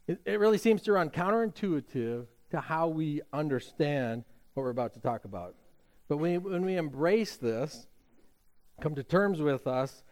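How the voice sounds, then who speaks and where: Pastor preaching in a chatty, storytelling way. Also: male voice, fairly high pitch, a little mellow. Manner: conversational storytelling with frequent fillers and restarts. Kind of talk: sermon.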